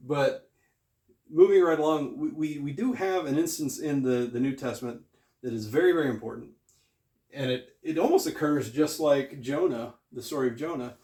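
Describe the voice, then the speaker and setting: A man talks through a Bible lesson in a relaxed, conversational way, hammering points home by repeating phrases. His voice sits at an ordinary middle pitch. The recording carries a noticeable echo from the room around him. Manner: conversational, emphatic, repeats phrases while teaching. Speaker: Bible teacher. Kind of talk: casual video Bible lesson. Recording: echoey room.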